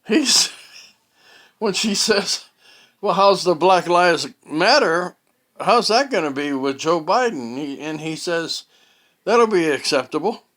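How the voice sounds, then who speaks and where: Guy rambling through a story at home, kinda high voice, talks slow, lots of uh and restarts. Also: animated, fairly bright tone. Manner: rambling and halting, with many fillers and restarts. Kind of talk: casual storytelling monologue. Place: at home, indoors.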